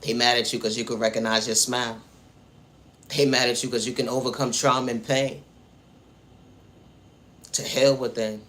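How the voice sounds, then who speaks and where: A man's voice: medium pitch, level tone, moderate pace, pauses often, a bit bright. A man delivering a preachy motivational monologue about faith and self-worth, speaking straight to the viewer and returning again and again to the same refrains. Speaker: spiritual vlogger.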